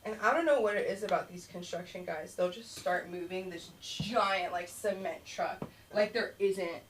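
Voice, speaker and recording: On a small comedy club stage, a woman with a lowish voice and a moderate pace rambles through an open-mic stand-up routine. She performs kids and herself in voices, and a distant room mic captures it with faint noise.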